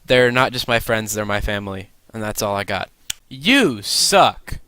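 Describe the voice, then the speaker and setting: A young man with a slight lisp and a stiff, swollen mouth, chatting in a rambling, excitable way as a vlogger. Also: lowish voice, a little slow. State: stiff swollen mouth after dental surgery. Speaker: vlogger and ride operator. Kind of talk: casual vlog chat.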